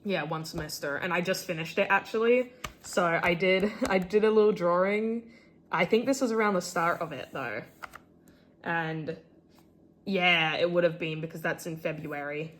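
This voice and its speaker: Showing off her sketchbook, an Australian teenage artist talks in a lowish voice at normal speed, with a bit of background noise. It's casual chat full of "um" and "like", self-deprecating remarks, and delighted squeals about characters she loves.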